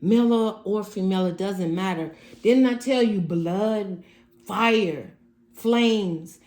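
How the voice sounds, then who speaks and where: A woman's voice: mid-range voice, darkish tone, reverberant. A woman giving a casual tarot reading to camera at home, speaking emphatically and repeating herself as she addresses the viewer directly. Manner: emphatic, repetitive, talks straight to the viewer. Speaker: tarot reader. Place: room at home.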